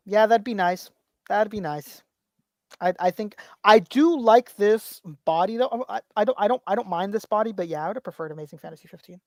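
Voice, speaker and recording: A woman hosts an easygoing podcast, reading viewer comments as she goes. Her voice sits at an ordinary middle pitch and sounds close and dry, with no room behind it. She rambles loosely and often says the same phrase two or three times. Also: fairly quick, dark tone, dry recording. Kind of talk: casual toy-collector chat.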